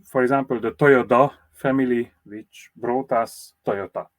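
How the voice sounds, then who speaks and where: Man, historian being interviewed, English speaker, measured explanatory manner, mid pitch, dry close sound. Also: steady tone, dry recording. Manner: measured, explanatory, with fillers and restarts. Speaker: motoring historian and magazine publisher. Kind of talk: interview answers.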